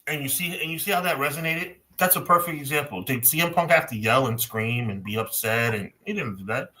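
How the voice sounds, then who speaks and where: A man co-hosting a wrestling podcast, talking in an animated, opinionated way and repeating himself for emphasis. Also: mid-range voice, fairly quick, poor audio. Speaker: podcast co-host. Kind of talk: casual wrestling podcast chat.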